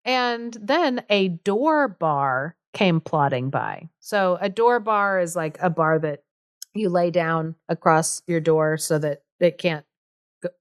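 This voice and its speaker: A woman's voice: on the low side, animated, slow pace, smooth, no room sound, clean studio sound. A woman podcast co-host retelling a folk tale in a chatty, amused way with many fillers. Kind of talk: casual storytelling chat.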